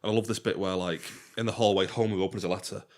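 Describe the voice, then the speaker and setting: A man's voice: low voice, steady tone, fast, a little mellow. A man co-hosting a podcast, chatting casually and retelling funny scenes with frequent laughter. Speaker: podcast co-host. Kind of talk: casual chat.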